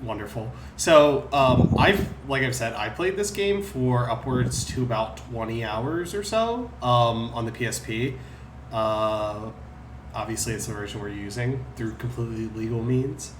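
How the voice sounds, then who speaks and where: A man's voice: medium pitch, expressive, unhurried, roomy sound, noisy background. A man hosting a casual gaming stream, laid-back and laughing often, swearing freely. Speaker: streamer host.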